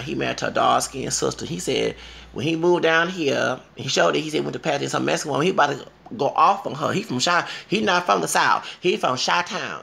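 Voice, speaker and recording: Gravelly, bright-voiced man ranting. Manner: emphatic, profane, swings between low mutters and loud outbursts. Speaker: vlogger. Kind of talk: impassioned personal rant. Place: Houston.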